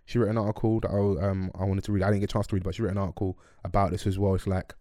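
A man's voice: low voice, no echo. A young man hosting a podcast, chatting casually with slang and jokes into a close mic. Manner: quick, animated and joking, heavy with slang. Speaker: podcast host.

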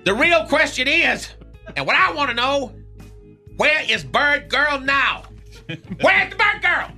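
A man's voice: very high voice, sing-song, takes it slowly, pushed and bright, faint music behind, heavily acted. A man playing a brash, boastful male radio character in a comedy bit, talking in jive slang and made-up long words. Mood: swaggering.

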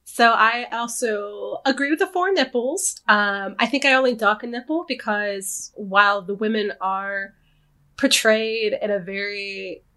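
A woman speaking as a podcast guest in casual chat, unhurried and thoughtful, laughing easily. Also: medium pitch, sharp tone.

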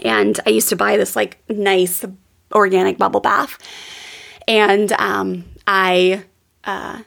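A woman in her thirties hosts a podcast, telling personal stories in an earnest, heartfelt monologue packed with fillers. Her medium-pitched voice is creaky and a bit bright, slow, with little pitch movement.

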